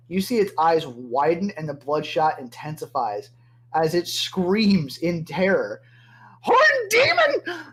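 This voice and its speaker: Casual, hesitant man running a tabletop game. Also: on the high side. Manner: hesitant, searching for words, casual swearing. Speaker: game master. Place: home room with other players.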